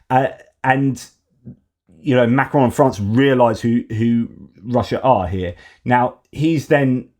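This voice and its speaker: A man hosts an unscripted news commentary, speaking at a middling pitch for a man. He talks loosely and opinionatedly, working his points out as he goes. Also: darkish tone. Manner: conversational and opinionated, thinking aloud. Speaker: host of a news commentary channel.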